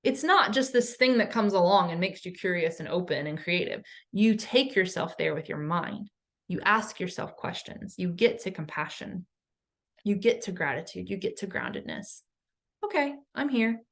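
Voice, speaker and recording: A woman's voice: fairly low pitch, moderate pace, vocal fry. A woman coach giving an educational talk, earnest, explaining step by step with questions and lists. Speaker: somatic coach.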